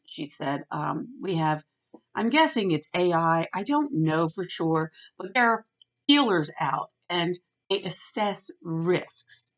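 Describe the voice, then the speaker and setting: Middle-aged woman vlogger, lower voice, animated rant with quoted dialogue. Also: unhurried. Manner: animated, retells phone calls with quoted voices. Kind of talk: ranting storytime monologue.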